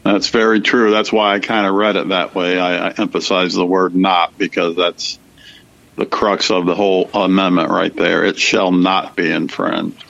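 A man co-hosting a casual political talk show, speaking in a measured, conversational way with fillers. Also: sits low, level tone, gravelly, a bit bright, dull audio. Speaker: podcast co-host.

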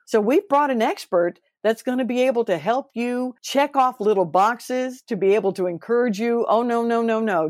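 A woman hosting a podcast interview, bubbly and expressive, her voice swooping up when she gets excited. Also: lowish voice, dry recording, studio quality. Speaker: podcast host.

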